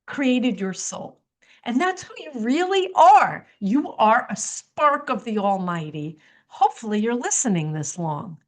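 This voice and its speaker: Slow, preachy woman with lively pitch. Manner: preachy, lecturing with rhetorical questions; teasing, chuckles at own remarks. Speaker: podcast host. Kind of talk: religious commentary monologue.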